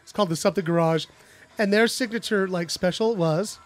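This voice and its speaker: Man, high voice, blunt and profane guest in a casual chat. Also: brisk.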